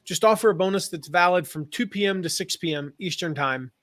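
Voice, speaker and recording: American guy, kinda high voice, loose chatty teaching with lots of ums, dry mic. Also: a little fast, fairly bright tone, no echo. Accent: General American. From American Midwest and South. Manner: chatty, rambling, with fillers and restarts. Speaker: affiliate marketing host. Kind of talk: casual live-stream teaching.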